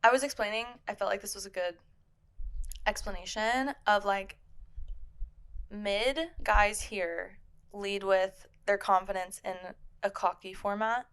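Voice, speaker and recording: A young woman co-hosts a podcast in relaxed, casual chat. She talks in a chatty, animated way at a middle pitch and laughs easily. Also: a little slow, clean tone. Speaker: podcast co-host.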